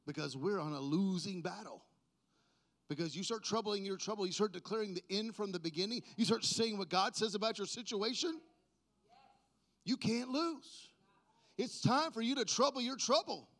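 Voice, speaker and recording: High-voiced man preaching with big swings. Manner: swings from low talk to loud drawn-out proclaiming; playful, jokes with the congregation. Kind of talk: sermon.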